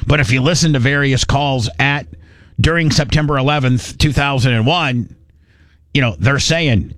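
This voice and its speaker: A man's voice: medium pitch, moderate pace, a bit bright, no room sound. A male podcast host whose commentary wanders and keeps doubling back on itself, restarting words as he goes. His tone is blunt and crude. The sound is close and dry, with almost no room at all. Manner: rambling, with many restarts and repeated words. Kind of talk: casual commentary.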